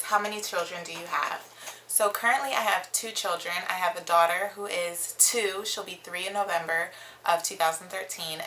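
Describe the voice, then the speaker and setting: A woman's voice: lowish voice, bright, forceful tone, a little hiss or hum, low-quality recording. A young woman chatting to camera as a mom vlogger, reading questions from her phone with lots of ums. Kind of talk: casual chat to camera.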